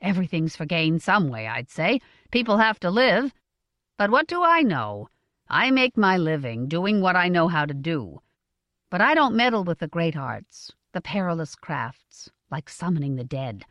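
A woman's voice: on the low side, big pitch swings, moderate pace, no echo, dull audio. A woman voicing a practical village witch woman in an audiobook, dry and down-to-earth. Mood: blunt. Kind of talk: audiobook character voice.

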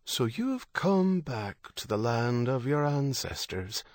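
A man's voice: mid-range voice, very animated, slow, no room sound, studio quality. A man reading an audiobook, voicing a tall menacing armed leader with a reedy tenor voice who questions coldly. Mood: coldly probing. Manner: cold, probing, unsoftened questioning. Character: menacing armed man in wide-brimmed hat, cold leader.

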